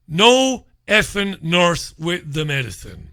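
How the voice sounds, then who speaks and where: Sardonic radio host, bright voice. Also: male voice, high voice, unhurried, hardly any pauses. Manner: animated, swearing, sardonic. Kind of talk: comic storytelling monologue. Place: radio studio.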